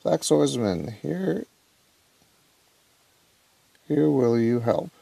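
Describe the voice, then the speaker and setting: A man's voice: mid-range voice, sing-song, very slow, creaky, warm tone, husky, no echo, heavily acted. A man voicing a frightened villager pleading. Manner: urgent, pleading read-aloud. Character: frightened villager crying for help.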